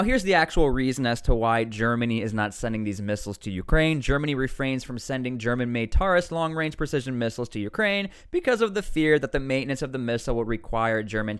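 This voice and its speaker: A man with a smooth, clear, mid-pitched voice talks through current events in a relaxed commentary style. He reads out passages from articles and leaps up in pitch on the words he wants to land. His delivery is conversational and animated. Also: a little fast, few pauses. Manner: animated, rises sharply on key words; reads out article text between remarks. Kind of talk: casual commentary on news.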